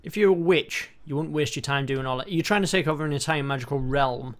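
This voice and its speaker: A man giving sarcastic, sweary let's-play commentary on an old game, with deadpan asides. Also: medium pitch, fast. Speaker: gaming channel host.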